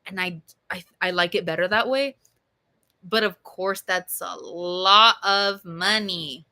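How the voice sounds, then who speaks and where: A young woman streaming and chatting with viewers in a loose, rambling way, full of swearing and fillers, her voice a bit hoarse from being sick. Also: lowish voice, slow, pushed and bright. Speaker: streamer answering chat. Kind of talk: casual rambling chat.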